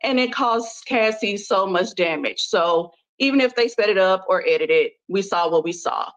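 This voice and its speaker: A woman's voice: medium pitch, normal speed, low-quality recording. A woman reading a viewer's comment aloud on a news show.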